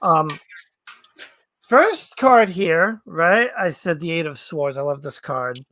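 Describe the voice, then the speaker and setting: Woman, tarot host, chatty, encouraging, bright tone, dry sound. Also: deep voice, takes it slowly, no echo. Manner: chatty, animated, encouraging, many fillers. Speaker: tarot reader and stream host. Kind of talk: casual tarot reading.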